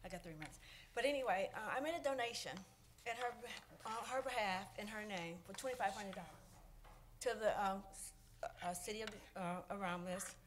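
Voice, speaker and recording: Resident at the mic: emotional, halting woman, lots of fillers. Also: medium pitch, a little hiss or hum. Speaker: resident speaking at public comment. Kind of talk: public comment at a council meeting.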